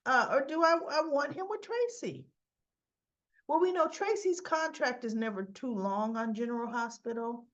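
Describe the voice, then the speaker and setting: A woman hosting a casual soap opera recap vlog, retelling scenes in an animated way with quoted lines. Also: a little high, normal speed, highs cut off.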